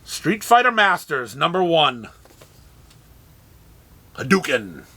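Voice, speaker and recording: A man casually running through a comic shop's weekly new releases, listing titles with dry, sarcastic asides and halting restarts. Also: sits high, animated, a bit bright.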